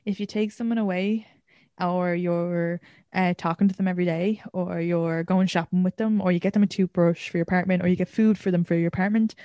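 A woman's voice: lowish voice, steady tone, brisk, dark tone, no room sound, highs cut off. A woman hosting a podcast in casual chat, talking bluntly and with emphasis. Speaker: podcast host.

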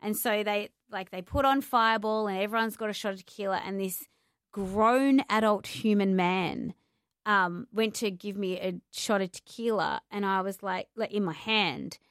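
A woman in casual podcast chat, telling lively stories and acting out what people said. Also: mid-range voice, moderate pace, clean tone, no echo, studio quality. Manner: lively storyteller who acts out quotes and laughs.

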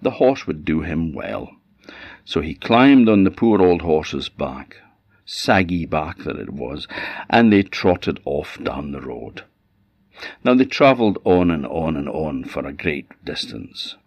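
A man with an Orcadian accent telling a folktale in an unhurried, conversational way with asides. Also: very deep voice, big pitch swings, a little mellow, dry recording. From Orkney, Scotland. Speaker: storyteller. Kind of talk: oral folktale storytelling. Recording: slightly dull dry audio.

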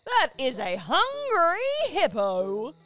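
A woman's voice: high voice, wildly swooping pitch, takes it slowly, fairly bright tone. Bubbly woman hosting a kids' podcast. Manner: bubbly, sing-song. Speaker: podcast co-host. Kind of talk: children's storybook podcast.

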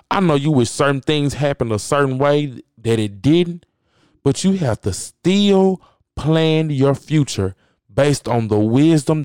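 A man's voice: mid-range voice, a little mellow, dry recording, studio quality. Blunt, preachy man ranting on a podcast. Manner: blunt, preachy, repeats phrases for emphasis. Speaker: podcast host. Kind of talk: profane motivational podcast rant.

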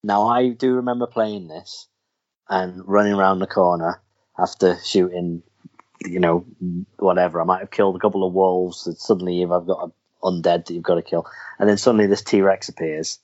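A man's voice: low-pitched, fairly even intonation, normal speed, darkish tone. A man hosting a podcast, chatting casually about films and games in a rambling way with lots of restarts. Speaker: podcast host. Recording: dull lo-fi recording.

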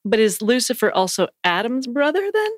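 A woman's voice: fairly high pitch, big pitch swings, dry recording, studio quality. Wry, teasing woman podcast co-host. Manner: wry, teasing, quick reactions. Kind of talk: casual comedic chat.

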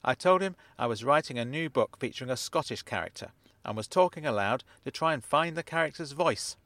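A man reading his own comic story in the first person, with a dry, deadpan delivery. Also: medium pitch, fairly quick, dry recording. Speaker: author and narrator. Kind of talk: first-person audiobook narration.

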